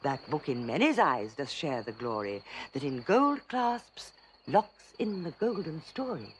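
A commanding noble mother in classical verse. Her voice is low-set but swings widely in pitch as she declaims each line with formal, measured weight. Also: very animated, slight background noise. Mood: stately.

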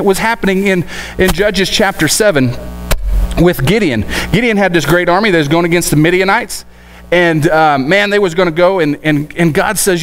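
A man preaching a sermon in a folksy, animated way, often voicing the people in his stories. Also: a little high, a little hiss or hum, rough recording. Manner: folksy, animated, acts out quoted voices.

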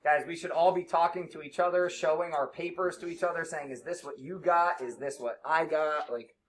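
Male math teacher, classroom lesson, brisk and encouraging with a joking streak. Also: fairly high pitch, steady tone. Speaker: middle school math teacher.

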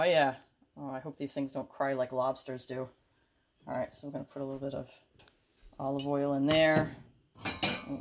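A woman hosting a home and garden vlog, chatting casually and excitably while she cooks in her home kitchen. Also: very deep voice, poor audio. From United States. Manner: chatty, excitable, lots of exclamations.

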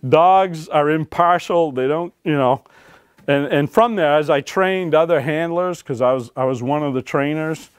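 A man's voice: fairly high pitch, smooth, no room sound. A man who is an author and search and rescue dog handler, telling folksy stories to an audience and often asking "right?". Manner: folksy, keeps checking in with "right?". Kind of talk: storytelling talk to an audience. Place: public library talk.

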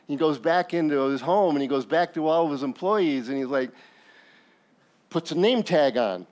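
A male pastor preaching a sermon, telling the story with jokes and acted asides. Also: on the high side.

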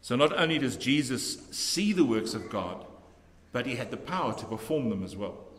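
A man preaching a measured, emphatic sermon as pastor in a church. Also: medium pitch, lively intonation, a bit bright. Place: church sanctuary. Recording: long church reverb.

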